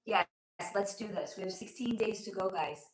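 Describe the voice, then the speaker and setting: A woman hosting a casual livestream from home, reading viewer comments aloud, calling people honey and sweetie and swearing freely, her voice going hoarse. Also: mid-range voice, moderate pace, a little hiss or hum. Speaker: livestream host. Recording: roomy echo.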